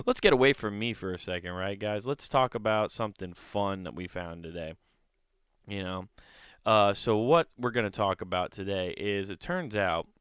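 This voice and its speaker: A man's voice: fairly low pitch, sharp tone, smooth, no echo, clean studio sound. A man hosting a comedy podcast, telling a rambling, profane, incredulous story in a casual monologue.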